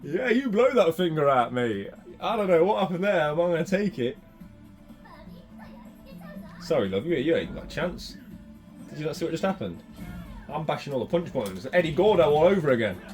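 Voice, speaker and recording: Animated man commentating a fight game. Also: a little high, fairly quick, long pauses, soft background music. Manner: animated, swings from muttering to shouting. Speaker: retro gaming channel host. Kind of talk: excitable gameplay commentary.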